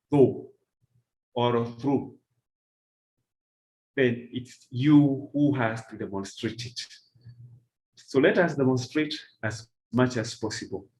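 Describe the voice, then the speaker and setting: A middle-aged man giving a workshop lecture to teachers, deliberate and repeating key phrases for emphasis. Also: mid-range voice, a little mellow, low-quality recording. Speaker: teacher trainer.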